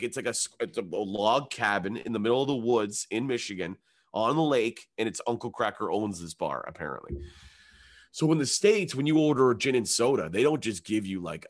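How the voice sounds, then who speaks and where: A man's voice: fairly low pitch, dry recording, clean studio sound. A man from Canada, a comedian, telling a long anecdote in casual chat. He swears often and acts out other people's lines in raised voices.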